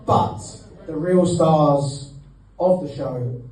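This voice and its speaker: A man's voice: fairly high pitch, very slow, a little mellow. A man giving a joking best man speech at a wedding, teasing the groom and laughing between lines. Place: wedding reception hall. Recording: echoey hall, mic at a distance.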